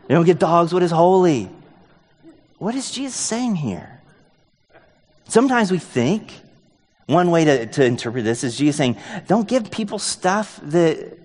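Easygoing joking pastor, echoey hall. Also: male voice, sits high. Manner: casual, joking, thinking aloud. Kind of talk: sermon.

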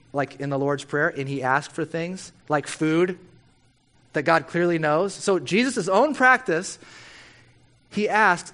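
A man preaching a conversational sermon, animated and playfully wry, often tossing in quick tag questions to the listeners. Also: high-pitched.

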